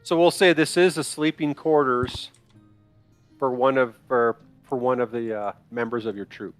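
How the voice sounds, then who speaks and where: A man narrating as dungeon master of a tabletop game, in a relaxed, halting way. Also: medium pitch, smooth, no echo, faint music behind.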